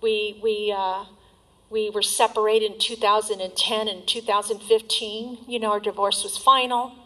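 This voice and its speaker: A middle-aged woman gives a personal testimony about her recovery, speaking candidly and with feeling. Her voice is bright and clear, and she often lets remarks fade into soft, trailing asides. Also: medium pitch, flat delivery, moderate pace, low-quality recording.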